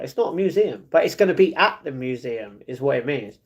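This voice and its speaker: A man's voice: medium pitch, lively intonation, fairly quick. A man live streaming, chatting casually and reading viewer comments aloud, often laughing.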